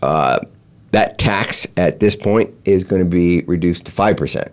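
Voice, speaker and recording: A man's voice: deep voice, measured pace. A man hosting a talk show, explaining step by step with many fillers and restarts. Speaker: show host. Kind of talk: explanatory chat.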